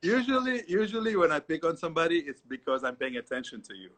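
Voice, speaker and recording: A middle-aged man, a dance teacher, talking as an interview guest, lively and repetitive, often adding "you know". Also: fairly high pitch, quick pace. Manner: animated storyteller, repeats himself, many "you know"s. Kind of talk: casual interview chat.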